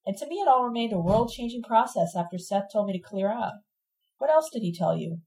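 Bitter accusing young woman radical, read by a woman narrator, sarcastic, mellow dark tone, audiobook. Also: a little high, expressive, fairly quick, low-quality recording. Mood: furious.

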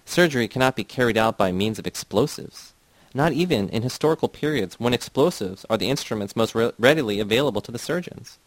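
A man reading a novel aloud as scripted narration, in a steady, measured way. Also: medium pitch, dry recording, rough recording. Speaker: audiobook reader.

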